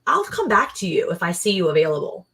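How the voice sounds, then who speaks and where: Chatty woman with a low voice. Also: fast talker. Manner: chatty, rambling, quotes people in lively voices. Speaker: livestream co-host. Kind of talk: casual livestream chat.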